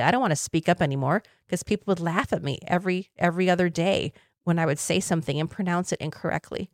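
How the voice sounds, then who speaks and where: A woman's voice: lowish voice, dry recording, studio quality. Reflective woman in her fifties. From Taiwan. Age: 50s. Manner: earnest, reflective, with light laughs. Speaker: podcast host. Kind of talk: personal storytelling.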